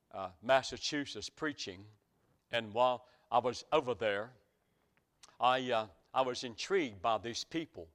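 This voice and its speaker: A man's voice: medium pitch, fairly bright tone. A middle-aged man, preaching a sermon with folksy stories that climb to emphatic peaks.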